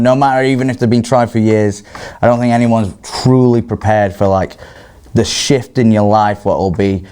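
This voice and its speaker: A man, telling stories as a podcast guest in a casual, animated way, swearing and laughing often. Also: medium pitch, smooth.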